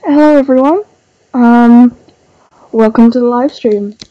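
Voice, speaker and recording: A woman's voice: on the high side, unhurried, warm tone, dry recording, lo-fi sound. A young woman with a stuffy, nasal voice from a cold, chatting casually on a livestream while drawing. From Australia. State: sick, nasal voice. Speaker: livestreaming artist. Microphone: desk microphone.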